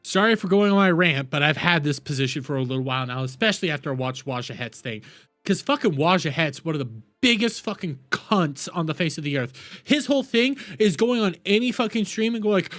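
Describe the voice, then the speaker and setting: Furious ranting man, high-pitched voice. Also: lively intonation, brisk. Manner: furious, profane, shouting and repeating himself. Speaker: live streamer. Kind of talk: angry live-stream rant.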